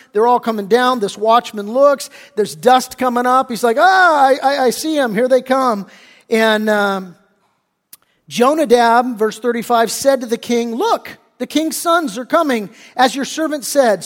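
A man's voice: extremely high pitch, a little slow, long reverb tail. A man preaching a sermon as pastor, retelling scripture in a casual, slangy way.

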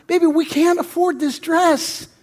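A man's voice: very high-pitched, fairly even intonation, measured pace, a little mellow, pitched above the performer's own voice. A male pastor acting out an exasperated husband who protests the cost of his wife's dress, as part of a joke in a sermon. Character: exasperated husband balking at a price tag.

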